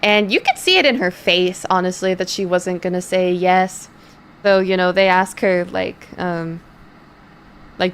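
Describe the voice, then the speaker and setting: A woman's voice: lowish voice, a little slow, smooth. A young woman streamer casually telling a rambling story to her chat, full of fillers and swearing. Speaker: streamer and voice actor.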